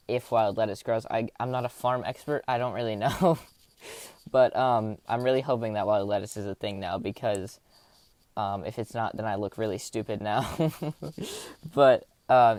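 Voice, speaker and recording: A young man rambles through online posts in a casual, self-mocking way, laughing at his own slips. His voice sits at an ordinary middle pitch and is recorded close up in a dry, dead room. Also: normal speed, a little mellow, dry recording. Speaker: YouTuber reading Reddit posts. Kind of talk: casual commentary on reading posts.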